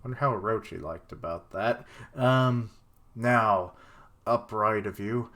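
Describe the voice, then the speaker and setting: A man's voice: fairly low pitch, takes it slowly, a bit bright. A young man streaming a live reaction to a manga chapter, thinking aloud with rambling fillers and sudden outbursts. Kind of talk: live reaction, casual commentary.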